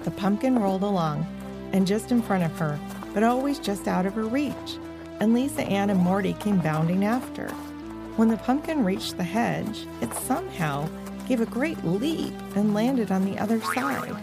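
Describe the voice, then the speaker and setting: A woman narrating a children's storybook in a gentle, measured way. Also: medium pitch, expressive, gravelly, over music.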